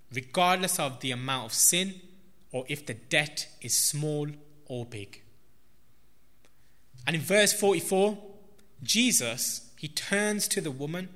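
A man preaching a sermon in a slow, emphatic way, stressing repeated words. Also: a little high, pushed and bright. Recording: long reverb of a large hall.

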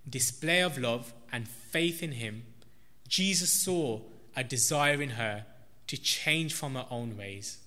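Male preacher, slow and emphatic, bright forceful tone, big reverberant room. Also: medium pitch. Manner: slow, emphatic delivery with stressed repetitions. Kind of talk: sermon. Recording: long reverb of a large hall.

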